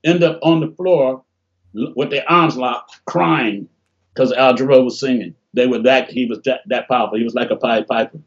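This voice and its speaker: An older man from Detroit telling animated stories in a casual interview over a video call, often acting out what people said. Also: mid-range voice, moderate pace. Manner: animated, laughing storyteller, acts out quotes. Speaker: interview guest, bassist. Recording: dull lo-fi call audio.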